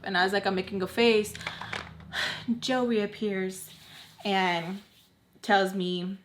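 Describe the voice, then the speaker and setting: A young woman telling a personal story in a casual, animated storytime chat, packed with "like" and acting out what people said. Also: mid-range voice, slow, long pauses, a little hiss or hum. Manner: chatty, animated, heavy filler "like", acts out quoted voices. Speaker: storytime vlogger.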